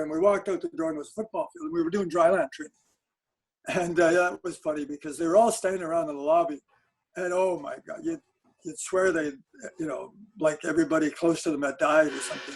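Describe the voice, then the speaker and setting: A man telling animated anecdotes on a webinar chat, with frequent restarts and laughs. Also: high-pitched, slightly rough, low-quality recording. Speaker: sport psychologist guest.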